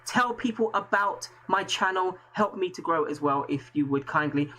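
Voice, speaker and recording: A man's voice: high-pitched, animated, normal speed, bright, forceful tone, a little hiss or hum, rough recording. An English man hosting a live stream, talking earnestly in a rambling way with many restarts. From England. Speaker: host. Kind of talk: casual live-stream chat.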